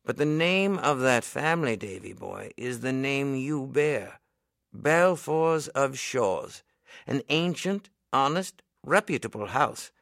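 A man's voice: mid-range voice, expressive, creaky, fairly bright tone, no echo, clean studio sound, full character voice. A man doing a solemn old country minister. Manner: solemn, measured, old-fashioned speech. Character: elderly male country minister, earnest and kindly. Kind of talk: audiobook character reading.

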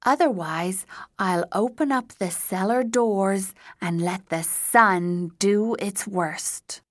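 A woman reading a storybook, playing a determined young woman who speaks firmly and quietly. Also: mid-range voice, slow, no room sound, studio quality. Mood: calm threat. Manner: firm, quiet and insistent.

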